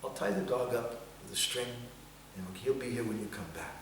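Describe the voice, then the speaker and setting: A man voicing a stern mother who quietly scolds her young son, recorded from far off in an echoey hall. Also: mid-range voice, normal speed, noisy background, natural voice. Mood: scolding.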